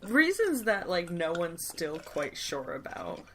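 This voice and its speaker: A woman with a lowish voice co-hosting a podcast recap. She keeps things breezy and wry, tossing in jokey asides as she sums things up, with a faint hiss behind her. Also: huge pitch swings, slow. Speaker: podcast co-host. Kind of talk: casual recap chat.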